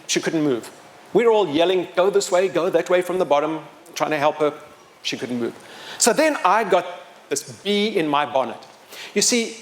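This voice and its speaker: Animated man telling a story live. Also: fairly high pitch. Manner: animated, self-mocking humor, wide swings in loudness. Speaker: storyteller and motivational speaker.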